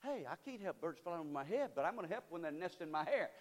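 A man preaching a sermon as pastor. He moves from loud cries to hushed pleading. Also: sits high, expressive, fast, hardly any pauses, long reverb tail. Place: church sanctuary.

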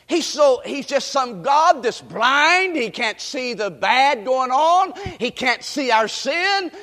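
A man preaching a sermon emphatically, repeating phrases and rising to shouts, recorded in a church sanctuary. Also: very high-pitched, lively intonation, slow pace, few pauses. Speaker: pastor. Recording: long reverb in a large hall.

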